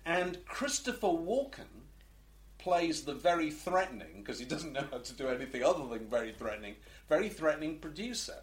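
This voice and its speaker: A middle-aged man rambles through stories on a podcast, often restarting his sentences. His voice sits a little high and swings up and down in a lively way. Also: fairly quick. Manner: rambling, hesitant storytelling with restarts. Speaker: podcast co-host. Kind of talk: casual podcast chat.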